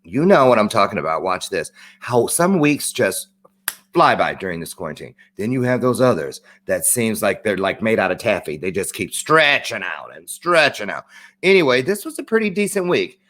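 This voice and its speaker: A man's voice: on the low side, big pitch swings, normal speed, fairly bright tone. A man hosting a live-streamed talk show, chatting in an upbeat, rambling way with lots of asides. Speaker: host.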